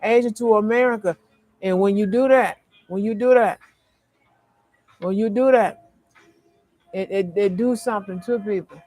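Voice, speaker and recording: High-voiced rambling man. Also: moderate pace, long pauses, darkish tone, no room sound, faint music behind. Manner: rambling, stream-of-consciousness, repeats himself. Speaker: vlogger. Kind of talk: rambling spiritual monologue.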